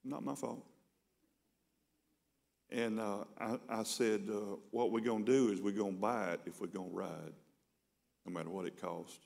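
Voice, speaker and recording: Man, pastor, sermon, low voice, chatty storytelling, repeats words. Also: fairly even intonation, moderate pace, creaky, pauses often, darkish tone. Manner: conversational storytelling, repeats words when starting sentences.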